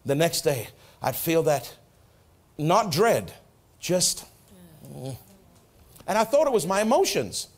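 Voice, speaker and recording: A middle-aged pastor preaching in a church with a high, very lively voice that leaps up and sinks down. He tells his story with energy and acts out both sides of the dialogue, dropping quiet for the quoted lines. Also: a little slow, long pauses. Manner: animated storytelling, acts out prayers and dialogue, drops soft for quotes. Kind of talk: sermon. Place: church sanctuary.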